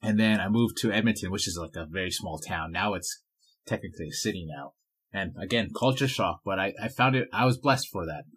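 Husky-voiced Canadian podcast host. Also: male voice, low voice, fairly quick, a bit bright. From Vancouver, Canada. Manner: friendly, enthusiastic, casual "dude" talk. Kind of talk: casual podcast interview.

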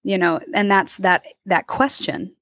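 A woman's voice: mid-range voice, measured pace, dry recording, studio quality. A woman in her twenties, a guest actor, telling stories in a casual interview, acting out the people she quotes and laughing often. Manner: animated storyteller, acts out quoted voices, laughs often.

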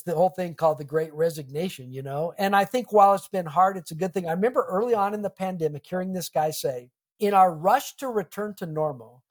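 A middle-aged man, a pastor and author, talking earnestly and reflectively in an interview, with a touch of humor. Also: on the high side. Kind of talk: conversational interview.

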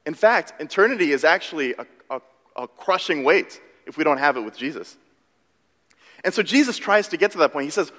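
A man preaching a sermon as pastor, telling stories in an animated, self-deprecating way. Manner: animated, self-deprecating storytelling with quick shifts in pitch. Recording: long hall reverb.

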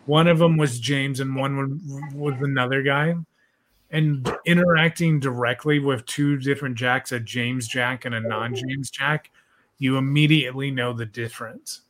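A man's voice: medium pitch, fairly even intonation, moderate pace, a bit bright. A young man hosting a podcast, chatting casually in a laid-back, rambling way with lots of swearing. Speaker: podcast host.

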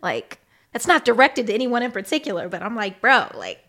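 A woman's voice: on the high side, animated, a little fast. A young adult woman hosting her own podcast, talking casually and often checking in with "okay?". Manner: chatty, often ends with "okay?". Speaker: podcast host. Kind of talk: casual solo podcast monologue.

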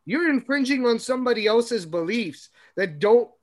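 A man from the West Coast telling stories in a casual podcast chat, animated and swearing. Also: very high-pitched, moderate pace. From West Coast, USA.

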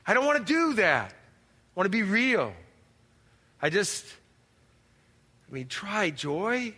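A man plays a frazzled churchgoer in a skit, stammering and exasperated as he begs God for help in a church drama monologue. His voice is high, sing-song, sharp and slightly rough, slow and heavily acted, echoing in a reverberant hall.

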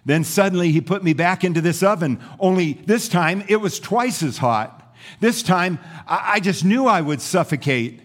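A pastor voicing a frightened, complaining talking teacup that pleads and cries out while it is shaped, fired and painted in a sermon story. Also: male voice, high-pitched, expressive, normal speed, a bit bright, pitched above the performer's own voice. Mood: pleading.

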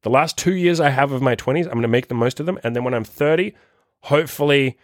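A man's voice: mid-range voice, quick pace, dry recording, clean studio sound. A man in his thirties hosting a dating-coach podcast, giving a blunt, profane motivational rant. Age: 30s. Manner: profane, forceful, rambling.

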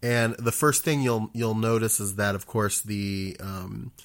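A man with a fairly low voice chatting casually about a video game. He hesitates often, filling gaps with ums and starting his sentences over. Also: level tone, a little slow. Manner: hesitant, many ums and restarts. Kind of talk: casual chat.

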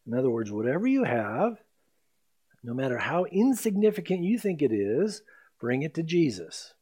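A man preaching an expository sermon, emphatic, reading scripture slowly and then explaining it. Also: a little high, sing-song, mellow, slightly rough. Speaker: pastor.

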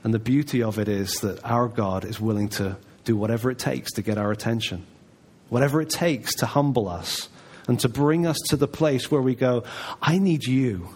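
A man's voice: medium pitch, a little fast, slightly rough. A man preaching a sermon in a church, talking in a conversational, emphatic way. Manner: conversational, emphatic, voices God's replies softly.

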